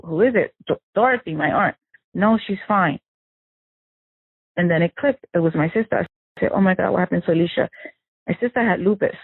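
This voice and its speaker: A woman recounting a painful family loss in an emotional interview, halting and distressed with many restarts. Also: medium pitch, vocal fry, breathy edge, no room sound. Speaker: victim's sister recounting events. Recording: narrow phone-line audio, dry.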